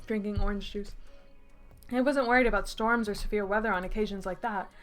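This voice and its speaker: A woman's voice: medium pitch, steady tone, fairly quick, fairly bright tone, soft background music. A woman in her twenties reading her old writing aloud, breaking off for laughing, mocking and sarcastic asides. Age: 20s. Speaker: YouTuber.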